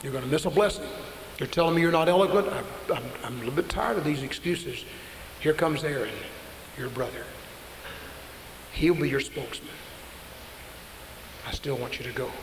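A man preaching, voicing God as a stern but patient presence, his voice dropped lower and quieter. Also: moderate pace, long pauses, lightly acted. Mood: firm, patient. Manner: lowered, calm, firm. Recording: echoey hall with faint hiss.

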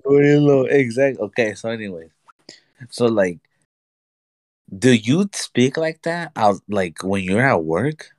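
Lively storytelling man, dry close sound. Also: fairly low pitch, takes it slowly, pauses often, no room sound. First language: Spanish. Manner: animated storyteller, acts out dialogue, laughs often. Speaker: podcast co-host. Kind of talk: casual chat.

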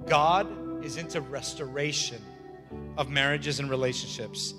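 A man's voice: mid-range voice, measured pace. A man preaching a sermon as pastor, emphatic and repetitive, with joking asides. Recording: long hall reverb with faint music.

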